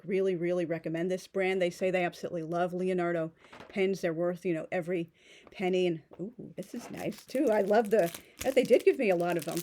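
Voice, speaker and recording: Woman vlogger, slightly low voice; chatty, gushing, a bit nervous, lots of fillers. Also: darkish tone. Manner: talks fast, a little nervous on camera; gushing, enthusiastic. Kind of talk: casual unboxing vlog.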